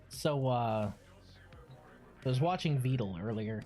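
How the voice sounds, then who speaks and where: A man's voice: medium pitch, expressive, unhurried, soft background music. A young man streaming a game, rambling casually and swearing now and then. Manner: rambling, swears, loud squeals. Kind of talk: casual gaming commentary.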